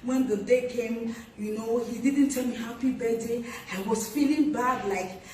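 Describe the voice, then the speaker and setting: This is a woman in her forties with a Nigerian English accent, teaching wives and husbands how to appreciate each other. Her voice sits high, and she speaks earnestly and with animation, laughing often as she tells her stories. The recording comes from an echoey room with the mic some way off and a faint hiss behind her. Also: unhurried, darkish tone, recorded from a distance. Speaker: marriage speaker. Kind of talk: motivational marriage talk to women.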